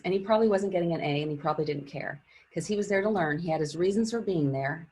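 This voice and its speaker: A woman's voice: lowish voice, quick pace, a little mellow, husky. A middle-aged woman teacher giving her class an earnest, encouraging pep talk through a personal story. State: teary.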